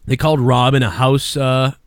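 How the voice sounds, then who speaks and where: A man rambles through crude podcast banter, swearing freely and mocking whoever comes up. His voice sits at an ordinary middle pitch. The recording is dry, with no room sound. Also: flat delivery, normal speed, clean tone, dry recording. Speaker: podcast host. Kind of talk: crude casual chat.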